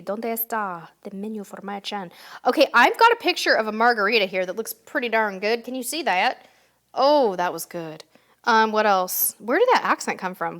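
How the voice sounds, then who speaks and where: Casting note: upbeat woman, thirties, live-stream host, voice sitting a little high. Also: fairly bright tone. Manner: chatty, upbeat, reads comments aloud. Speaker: host answering viewer questions. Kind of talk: casual live-stream chat.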